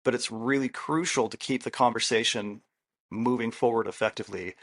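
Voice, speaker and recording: A man's voice: mid-range voice, a little fast, a bit bright. A man co-hosting a podcast as a therapist, giving relationship advice in casual chat, stressing and repeating his key rules. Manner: emphatic, repeats key rules, acts out quoted lines.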